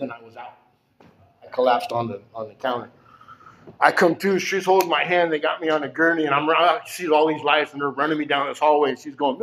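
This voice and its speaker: A man's voice: medium pitch, poor audio. A man in his fifties giving an earnest personal testimony at a recovery gathering, rambling through his story and checking in with "you know?" again and again.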